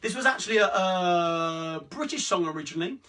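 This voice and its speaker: A man with a Cockney accent chatting between songs as the host of a live-streamed sing-along, rambling cheerfully through requests and shout-outs. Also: high-pitched, animated, fairly quick. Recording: distant mic with guitar playing.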